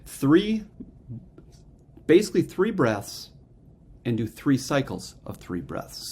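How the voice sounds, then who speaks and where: A man's voice: mid-range voice, big pitch swings, takes it slowly, long pauses, a little mellow, slightly rough. A man teaching a gratitude and meditation breathing practice, explaining step by step and often checking in with "okay?". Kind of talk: casual instructional talk.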